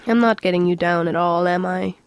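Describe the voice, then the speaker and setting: A woman's voice: fairly low pitch, dry recording, studio quality, lightly acted. A woman doing a droning, depressed male robot. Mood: gloomy. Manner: slow droning monotone. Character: gloomy depressed male robot, slow and hopeless.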